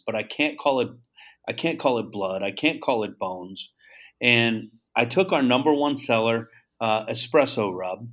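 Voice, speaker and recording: A man's voice: mid-range voice, moderate pace, a bit bright. A man in a casual interview, a brand founder telling a long story and acting out the dialogue, loose with repeats and restarts. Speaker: guest, founder of a seasoning brand.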